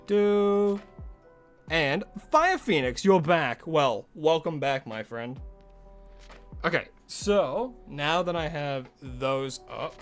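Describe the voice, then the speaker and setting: Chatty young man streaming. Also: on the high side. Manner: chatty, swears casually, laughs often. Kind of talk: casual live-stream chat. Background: faint music.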